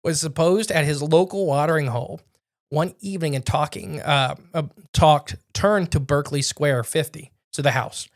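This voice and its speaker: A man's voice: a little high, moderate pace. Rambling male podcast storyteller. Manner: rambling, self-correcting storyteller. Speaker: podcast co-host narrating a story. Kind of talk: casual storytelling chat.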